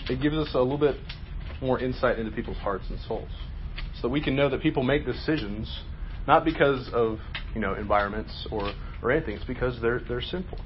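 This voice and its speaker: A man's voice: medium pitch, brisk, muffled recording, a little hiss or hum. A man leading a group Bible study, asking questions and explaining in a conversational, emphatic way.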